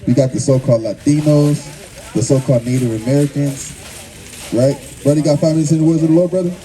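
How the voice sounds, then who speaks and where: A man's voice: fairly high pitch, fairly even intonation, fast talker. Confrontational male street preacher. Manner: forceful, confrontational, repetitive with many fillers. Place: outdoors on a busy street. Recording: busy street crowd noise.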